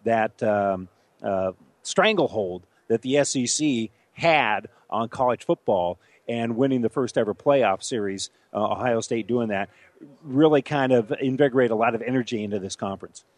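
A male sports radio co-host in casual talk, animated and a little halting as he restarts his sentences. His voice sits mid-pitch, recorded dry and close in a studio. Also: no room sound.

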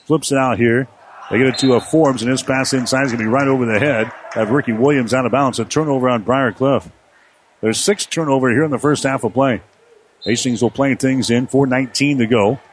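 A man calling college basketball play-by-play in a rapid running commentary that lifts on big plays. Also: mid-range voice, a little hiss or hum. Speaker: play-by-play announcer.

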